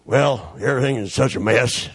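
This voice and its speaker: A man voicing his old foreman, a gruff working lineman, in a low plain drawl. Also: normal speed, close to an everyday voice. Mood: earnest.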